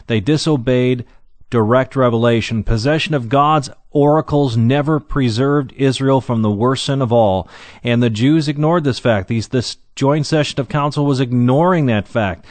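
A man teaching the Bible verse by verse, reading scripture slowly and then explaining it with fillers and restarts. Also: medium pitch, a little mellow, no echo.

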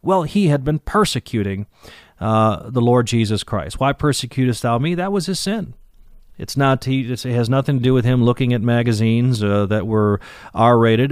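A man's voice: medium pitch, dry recording. Man, bible teacher, conversational verse-by-verse teaching, stresses key words, dry close recording. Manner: conversational, with fillers and restarts, leans into key words.

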